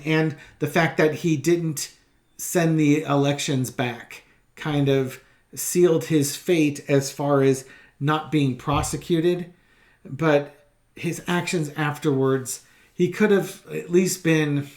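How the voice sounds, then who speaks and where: A man's voice: on the high side, a little mellow. Man, tarot channel host, casual commentary, chatty, opinionated, light laughs. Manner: chatty and offhand, laughs between remarks; opinionated, repeats points for emphasis. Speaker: tarot reader hosting his own channel.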